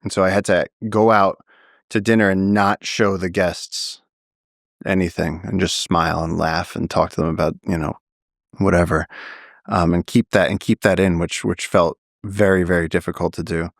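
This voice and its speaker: A man's voice: low-pitched, flat delivery, normal speed, gravelly, no echo, clean studio sound. A man, a naturalist guest on a podcast, vividly telling a story and acting out the quotes. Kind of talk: storytelling in a long-form interview.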